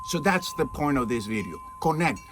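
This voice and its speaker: In a medium-pitched, sing-song voice at normal speed, a spiritual teacher talks earnestly but informally outdoors, shaded at his home among trees and mountains. Rhetorical questions and "okay?" check-ins come often, while faint birds and wind chimes fill the air.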